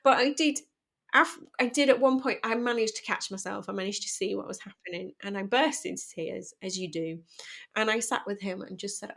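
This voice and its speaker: A woman's voice: medium pitch, brisk, gravelly. A middle-aged woman speaking candidly and emotionally as a podcast guest about parenting. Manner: candid, emotional, animated storytelling. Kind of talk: personal conversation.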